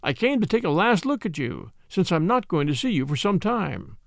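A man's voice: high voice, very animated, moderate pace, vocal fry, no room sound, clean studio sound, full character voice. A man voicing an older American millionaire father who talks in a plain, unemotional, folksy way in a storybook reading.

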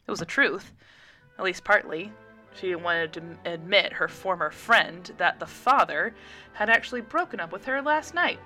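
A woman reading a story aloud as a guest narrator, with lively read-aloud delivery. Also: fairly low pitch, moderate pace, faint music behind. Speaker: guest reader.

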